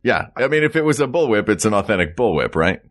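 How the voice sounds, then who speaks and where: A man with a fairly low voice and a lively, swooping pitch, co-hosting a comedy podcast. He teases his partner with dry, playful jabs. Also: fast. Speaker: podcast co-host. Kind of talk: casual comedic chat.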